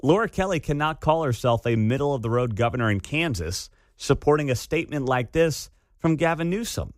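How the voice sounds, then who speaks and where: In a radio studio, a man hosts a talk show through a studio microphone, giving an opinionated monologue in a brisk, animated, mid-range voice. He sounds incredulous and sarcastic, laughing at the absurdity, and there's no room sound.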